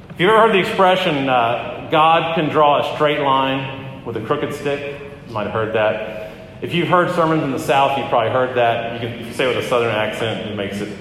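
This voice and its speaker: Male pastor, chatty sermon delivery, plenty of ums and restarts, mid-pitched, big reverberant church hall. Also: fairly bright tone, slight background noise. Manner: conversational preaching with frequent fillers and restarts. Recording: echoey hall with long reverb.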